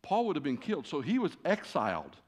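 A man preaching as a guest in a church, telling a personal story with lively, acted-out dialogue. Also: on the high side, brisk, husky. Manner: animated, acts out quoted conversations. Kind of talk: storytelling sermon. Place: church sanctuary.

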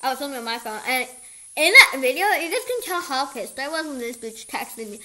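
A woman telling a personal story in a casual storytime vlog, animated, swearing a lot and repeating herself. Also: high voice, brisk, background noise. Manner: profane, animated, repetitive retelling. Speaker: storyteller vlogger.

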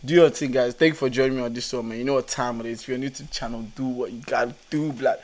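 A man's voice: mid-range voice, steady tone, fast, a little mellow. A young man hosting a music reaction channel, talking in casual, hyped commentary full of slang. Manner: slangy and hyped, calls listeners "blood" and "broski". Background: song playing faintly.

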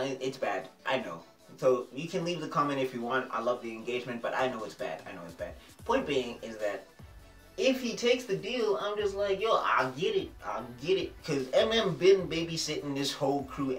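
A man casually reviewing a TV episode in a vlog, excitable and slangy, often repeating phrases. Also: medium pitch, normal speed. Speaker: TV show reviewer. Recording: roomy echo, distant mic, faint music.

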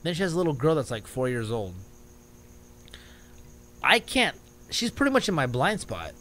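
A man's voice: a little high, normal speed. A man on a podcast, telling a story in casual chat and laughing at himself as he goes. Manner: animated storyteller, laughs at his own stories. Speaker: podcast co-host.

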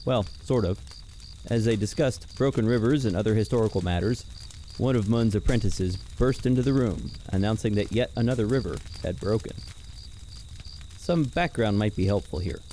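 A man narrating a scripted, measured recap as game master of a tabletop podcast. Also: lowish voice, warm tone, a little hiss or hum.

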